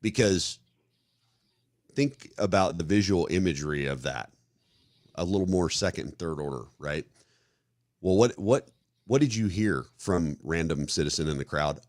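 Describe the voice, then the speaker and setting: A man from the American Midwest talks in a very low voice, recorded close and dry. He co-hosts a podcast in a loose, casual way, restarting sentences and acting out little scenes as he goes. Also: lively intonation, moderate pace, pauses often, a little mellow, no room sound. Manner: rambling, restarts often, acts out example scenarios. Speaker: podcast co-host. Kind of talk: casual conversational discussion.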